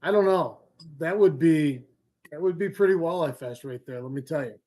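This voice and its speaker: Rambling, joking man with a higher voice. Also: moderate pace, warm tone. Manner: rambling, joking, easily sidetracked. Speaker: fishing livestream host. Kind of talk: casual live-stream chat. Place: home, indoors.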